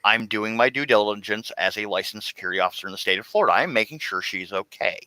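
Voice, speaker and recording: A man, a security officer, telling stories in an animated way in a casual chat. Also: lowish voice, fast talker, no echo, poor audio. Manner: animated storyteller.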